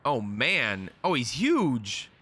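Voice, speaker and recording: A young man streaming a live anime reaction, excitable and slangy, swearing often as he comments. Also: medium pitch, very slow, soft background music.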